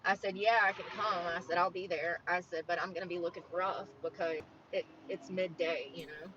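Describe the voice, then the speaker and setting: Woman, late 30s, bright tone, frank rambling chat, dull lo-fi stream audio. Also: lowish voice, fairly even intonation, a little fast, a little hiss or hum. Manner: plain-spoken, rambling, frank about money. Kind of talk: casual chat to viewers.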